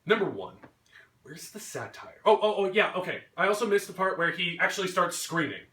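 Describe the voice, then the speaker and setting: A man's voice: high voice, big pitch swings, a little fast, bright, forceful tone. A man giving an angry, swearing rant about a movie, mocking characters in put-on voices. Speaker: vlogger. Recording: roomy echo, mic at a distance.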